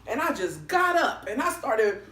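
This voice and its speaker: A woman vlogger tells a story casually, with a lively, swooping pitch and frank, salty language. Her voice bounces around an echoey room at home. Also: a little slow. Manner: animated, expressive, swears freely.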